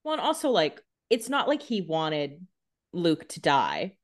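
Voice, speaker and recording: A woman's voice: on the low side, very animated, unhurried. A woman co-hosting a casual TV recap podcast, blunt and opinionated with casual swearing. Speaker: podcast co-host.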